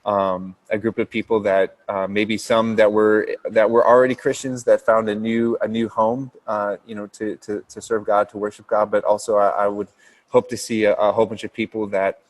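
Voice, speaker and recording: A man who is a pastor, talking in a casual podcast interview in an earnest, steady way with frequent ums and restarts. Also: fairly low pitch, moderate pace. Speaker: pastor starting a new church campus.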